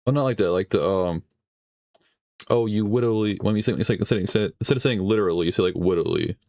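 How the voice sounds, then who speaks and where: A man's voice: sits low, racing, darkish tone, dry recording, studio quality. A man hosting a stream, reacting in casual commentary, rambling, swearing and laughing as he talks. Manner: rambling, swears often, laughs mid-sentence. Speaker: streamer host reacting to a video.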